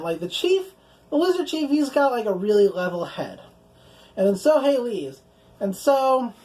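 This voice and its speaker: A young woman recaps anime episodes in a loose, conversational way. Her voice sits a little higher than most, and she keeps things casual with plenty of "like" and easy profanity. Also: darkish tone, poor audio. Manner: chatty, fills speech with "like", swears casually, acts out quoted lines in passing. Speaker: anime reviewer.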